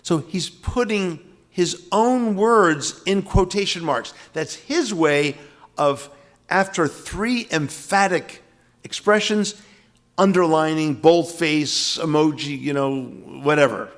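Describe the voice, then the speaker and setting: Gravelly older man giving an emphatic scripture lecture. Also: fairly high pitch, takes it slowly, a bit bright. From US East Coast. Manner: emphatic, dramatic, repeats key phrases. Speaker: spiritual teacher.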